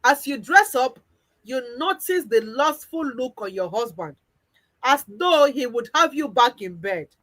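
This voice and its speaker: A woman's voice: fairly high pitch, lively intonation, unhurried, fairly bright tone, rough recording. A woman coach with a Nigerian accent narrating a second-person guided visualization story. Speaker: weight-loss coach.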